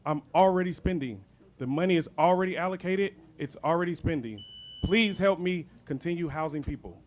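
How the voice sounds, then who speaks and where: A man's voice: on the high side, brisk, a little hiss or hum. A man who founded a shelter provider, giving an impassioned public comment and begging officials to release funds. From Kansas City, Missouri. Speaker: nonprofit founder.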